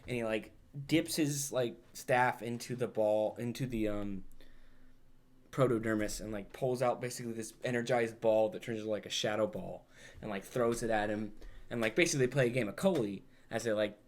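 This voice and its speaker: A man's voice: lowish voice, normal speed. A young adult man, a podcast co-host, recapping a film in a rambling, casual way, peppered with "like" and swearing.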